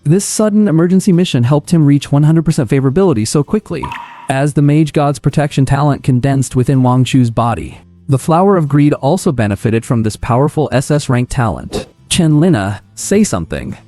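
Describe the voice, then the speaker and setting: Casting: male narrator for a comic recap, mellow warm tone, steady storytelling, faint music underneath. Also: a little high, a little fast, no room sound.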